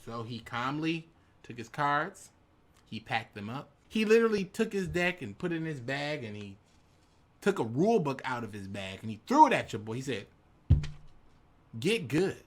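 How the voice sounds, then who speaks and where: A man telling a personal story in an animated, casual way, sometimes jumping into dramatic voices. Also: a little high, normal speed. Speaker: YouTube storyteller.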